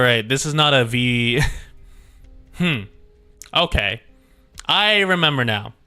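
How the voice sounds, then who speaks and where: A man's voice: medium pitch, pushed and bright. A male streamer chatting casually and laughing often while reading a game story aloud at his desk mic. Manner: laughs often, self-amused, rambling.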